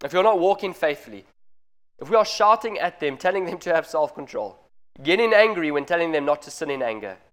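A man in his thirties preaches to a congregation in an earnest, direct manner. His voice sits a little higher than most men's, and he presses each point home as he addresses the parents. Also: lively intonation, a little fast. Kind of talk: sermon.

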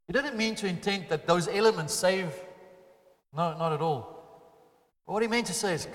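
Guy preaching a sermon, kinda high voice, goes loud then real quiet, long echo like a big church hall. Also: normal speed, long pauses. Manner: earnest preaching, swings between loud emphatic and quiet intimate. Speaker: pastor.

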